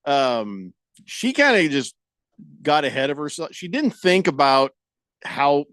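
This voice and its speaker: A man's voice: a little high, very animated, unhurried, a bit bright, no room sound. A middle-aged man, the host of a sports radio show, chatting and joking in a loose, rambling way. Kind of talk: casual radio banter.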